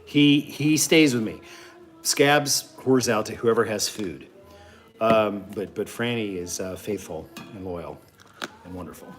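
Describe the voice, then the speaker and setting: A man's voice: lowish voice, unhurried, over music. A middle-aged man hosting a cooking show, chatting and joking dryly in his home kitchen as he cooks. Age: 50s. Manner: dry, joking, rambling. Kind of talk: casual chat while cooking.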